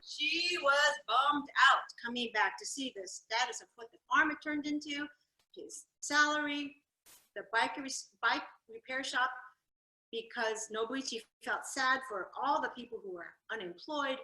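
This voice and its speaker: Woman, storyteller, bright forceful voice, lively, echoey room. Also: high-pitched, unhurried. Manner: lively, animated, voices her grandfather's accented jokes. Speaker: storyteller giving a library talk. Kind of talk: family history storytelling. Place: library event room.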